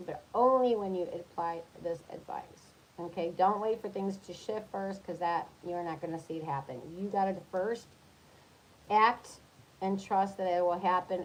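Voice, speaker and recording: A woman reads tarot for the zodiac signs in a loose, talkative way, giving advice like a coach. Her voice sits in a middle pitch, and she keeps checking that her listeners are with her. A faint hiss sits under the voice. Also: poor audio. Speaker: tarot reader.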